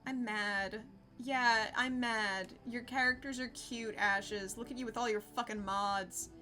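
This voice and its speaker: A woman's voice: fairly high pitch, fairly even intonation, measured pace, pushed and bright, faint music behind. A young woman streaming a game, chatting casually with her viewers and laughing often. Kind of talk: casual live-stream chat.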